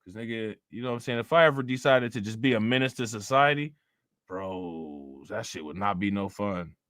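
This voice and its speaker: A man's voice: fairly low pitch, moderate pace, fairly bright tone, dry recording, clean studio sound. A man hosting a live stream, talking loosely and profanely, laughing often and repeating himself. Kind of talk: casual live-stream commentary.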